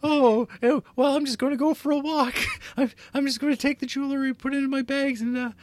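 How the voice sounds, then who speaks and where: A man doing a flustered high falsetto woman. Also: steady tone, a little fast, dry recording. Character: flustered nervous woman, evasive.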